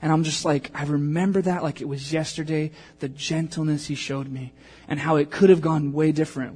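A man's voice: on the high side, brisk, slightly rough. A man in his thirties preaching a sermon, telling a personal story and acting out the voices in it. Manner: animated storytelling, acting out quotes. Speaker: pastor.

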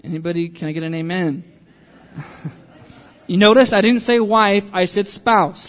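A man's voice: sits high, fairly even intonation, normal speed, fairly bright tone. A young adult man preaching a conversational sermon, joking with the congregation and poking fun at himself. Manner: conversational and self-deprecating, jokes with the congregation. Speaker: pastor.

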